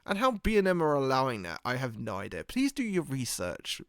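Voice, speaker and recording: Animated, jokey man rambling on a podcast. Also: mid-range voice, a little fast, dry recording, clean studio sound. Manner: jokey, rambling, swears freely, laughs at own jokes. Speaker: podcast host. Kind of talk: casual rambling monologue.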